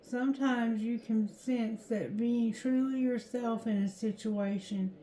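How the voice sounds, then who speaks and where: Casting note: woman tarot reader, higher pitch, mellow tone, slow halting card reading, roomy echo. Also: steady tone.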